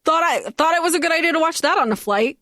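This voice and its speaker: A woman co-hosting a podcast in casual chat, bubbly and excitable, laughing often. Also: very high voice, fast, no room sound, studio quality. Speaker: podcast co-host.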